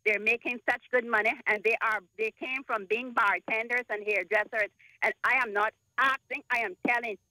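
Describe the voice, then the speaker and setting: A woman's voice: on the high side, steady tone, normal speed, sharp tone, dry recording. A Caymanian woman in her sixties calling in to a talk radio show, upset and insistent as she lays out her complaints. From Cayman Islands. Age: 60s. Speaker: caller. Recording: tinny phone line.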